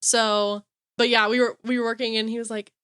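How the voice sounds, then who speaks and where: A woman's voice: a little high, fairly quick, smooth, no room sound. Giggly young woman. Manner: giggly, animated storytelling. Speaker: podcast co-host. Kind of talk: casual chat.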